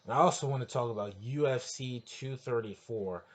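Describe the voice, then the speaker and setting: A man with a husky, slightly rough voice hosts a podcast alone. He rants in a crude, heated way, rambling and restarting, and his voice keeps rising toward shouting. His pitch sits mid-range for a man. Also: normal speed, few pauses. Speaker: podcast host. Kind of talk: profane solo rant.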